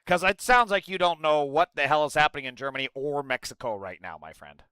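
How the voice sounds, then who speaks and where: A male streamer with a bright, clean, crisp voice reacts on a live stream and answers his chat. He is animated and sweary. His close desk mic sounds dry, with no room in it. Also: a little high, brisk, no room sound, poor audio. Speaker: streamer reacting to an interview clip. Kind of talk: casual live-stream commentary.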